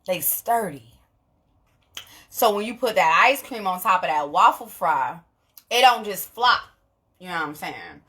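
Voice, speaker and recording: A young woman, talking straight to camera in a casual vlog, blunt and animated, swearing freely and laughing often. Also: mid-range voice, takes it slowly, long pauses. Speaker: vlogger.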